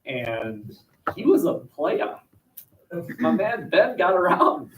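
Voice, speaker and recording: A man teaching history in a lively classroom lecture, joking and acting out quotes with plenty of fillers. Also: high voice, slow pace, background noise. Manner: jokey, acts out quotes, many fillers. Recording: voice from far off the mic in a classroom.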